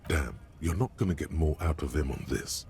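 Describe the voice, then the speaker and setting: A man putting on a deep, deadpan narrating voice for the game's inner voice. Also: normal speed, slight background noise.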